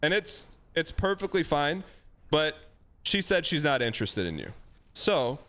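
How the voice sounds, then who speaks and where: Male streamer, slightly higher voice, blunt and animated advice-giver. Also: measured pace. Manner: blunt, animated, acts out quoted lines. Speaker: streamer giving dating advice. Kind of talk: casual advice chat.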